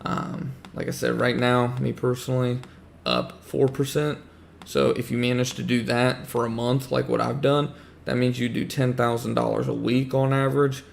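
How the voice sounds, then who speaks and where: A man hosting a casual livestream, hoarse as he loses his voice, rambling and repeating himself while greeting chat viewers. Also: medium pitch, flat delivery, moderate pace, slight background noise. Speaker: livestream host talking trading.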